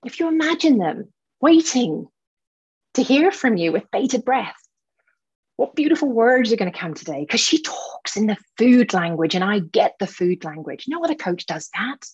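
A woman's voice: medium pitch, big pitch swings, moderate pace, husky, muffled recording. A woman coach on a group call, talking with fiery passion and swearing freely as she pushes a client on. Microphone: video call.

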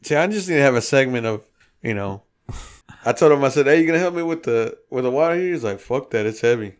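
A co-host on a laid-back podcast tells a story in a mid-range, clean-toned voice at a quick pace. He's profane and animated, playing out what everyone said.

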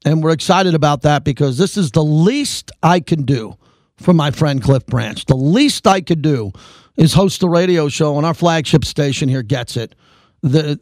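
Man, sports radio host, emphatic, raised pitch, dry booth sound. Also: no echo. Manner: emphatic, building excitement.

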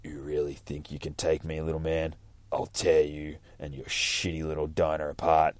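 A man reading a comic aloud and voicing a menacing, huge male brute who sneers out slow, low threats. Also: completely flat delivery, no echo.

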